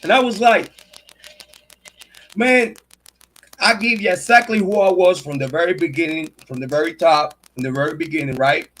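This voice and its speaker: A man's voice: a little high, moderate pace, long pauses, fairly bright tone, low-quality recording. A man hosting a casual livestream monologue, talking in boastful, swaggering street slang about himself. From Puerto Rico. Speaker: true crime and sports commentary host.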